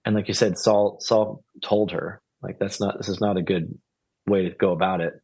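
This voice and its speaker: A man's voice: deep voice, fairly even intonation, moderate pace, darkish tone, husky, no room sound. A man co-hosting a podcast, chatting casually and musing through a TV episode recap, rambling and asking questions. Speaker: podcast co-host.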